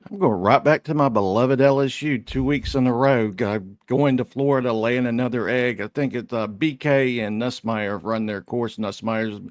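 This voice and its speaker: A man giving plain-spoken, measured sports commentary on a talk show. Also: mid-range voice, dry recording, clean studio sound. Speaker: show panelist.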